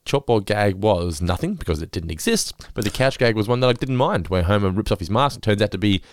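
A man's voice: on the low side, lively intonation, fairly quick, no room sound, studio quality. A man, co-hosting a podcast in laid-back, sweary chat with frequent laughs. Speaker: podcast co-host.

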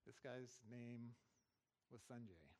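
A man's voice: mid-range voice, takes it slowly, a little mellow. Middle-aged guy from the states preaching, telling his mission stories all earnest and chatty, medium voice. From United States. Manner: earnest, conversational storytelling. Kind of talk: testimony sermon.

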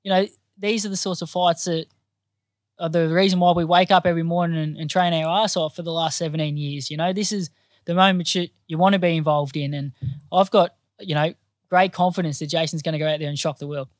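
An Australian boxer answers interview questions with earnest modesty and often restarts his sentences. His voice sits slightly high, and the recording is dry and close. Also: fairly even intonation, fairly quick, dry recording. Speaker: professional boxer. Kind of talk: casual interview chat.

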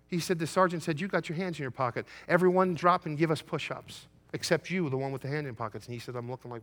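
Middle-aged man, pastor, bright ringing tone, preaches with loud emphatic build-ups, folksy storyteller. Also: fairly high pitch, quick pace. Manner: folksy storytelling, quoting his son. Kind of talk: sermon.

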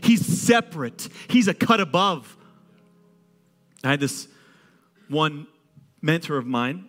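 A male pastor preaches in a chatty, animated way, full of jokes and repeated phrases. His voice sits fairly high. It rings through a large hall with a long echo and soft music behind him. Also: slow pace. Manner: animated, conversational preaching with humor and repetition. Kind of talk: sermon.

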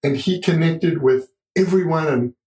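A man's voice: a little high, normal speed, echoey room, low-quality recording. A middle-aged man telling a story as a podcast guest, acting out the dialogue as he goes. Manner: animated storyteller, acts out dialogue. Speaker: guest author and surfer.

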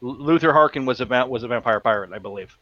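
A man chatting as a co-host on a podcast, explaining background in a measured, even way. His voice comes through dull and lo-fi, with a very dry sound. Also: medium pitch, no echo. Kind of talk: casual podcast chat. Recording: dull lo-fi call audio.

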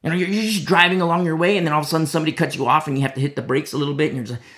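Gravelly man preaching a sermon casually. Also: fairly high pitch, animated, racing. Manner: conversational preaching, drops to a hushed voice in prayer; many fillers, acts out quoted people. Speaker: pastor.

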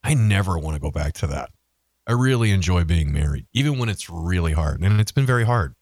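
A man's voice: low-pitched, expressive, a little fast, a little mellow, no room sound, clean studio sound. Profane ranting podcast man. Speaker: podcast co-host. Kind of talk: casual chat.

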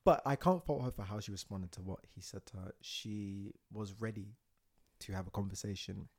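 A man's voice: lowish voice, moderate pace. A man co-hosting a podcast, talking casually and emphatically, repeating lines for effect. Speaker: podcast co-host. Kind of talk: casual chat.

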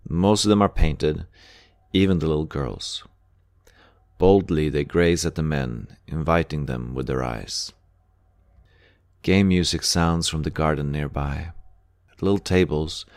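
Deep-voiced male audiobook narrator. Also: a little slow, no echo, clean studio sound. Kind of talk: scripted narration.

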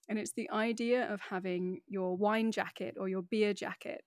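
A woman's voice: mid-range voice, moderate pace, no echo. Chatty English woman, dry close mic. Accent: neutral southern English. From Northeast England. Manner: chatty, animated storytelling. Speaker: podcast guest, wine educator. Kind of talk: casual interview chat.

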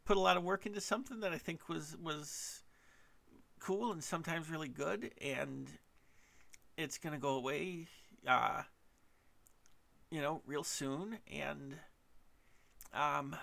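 A man talks through a solo podcast monologue in a gravelly, bright-edged voice. He is hesitant and halting, restarting his sentences often and running himself down as he goes. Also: fairly high pitch. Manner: self-deprecating. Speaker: podcast host.

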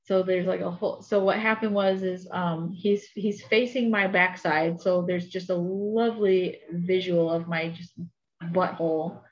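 A woman's voice: lowish voice, measured pace. Chatty woman telling her story. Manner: chatty, animated, many fillers. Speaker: podcast guest. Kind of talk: casual storytelling. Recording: dull lo-fi audio.

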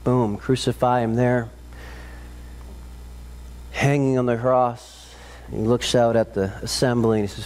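A man preaching to his congregation in a mid-pitched voice. He tells the story with dramatic force, pushing higher and louder as tension builds. Then he sinks into slow, hushed solemnity. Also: flat delivery, smooth. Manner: dramatic, rising to intense high peaks then dropping low and slow. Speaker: pastor. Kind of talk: sermon.

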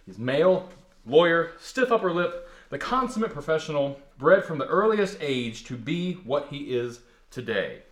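A man from the US Deep South hosting a podcast, laughing, rambling and self-mocking as he introduces a play reading. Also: very animated, moderate pace. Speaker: podcast host. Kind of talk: casual chat and play introduction. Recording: roomy echo.

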